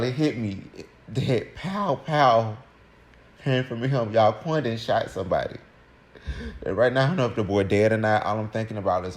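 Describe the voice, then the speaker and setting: A young man telling a personal story to his viewers in a casual, animated way, speaking straight to his audience. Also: mid-range voice, moderate pace. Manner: animated, keeps addressing listeners directly. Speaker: storytime vlogger.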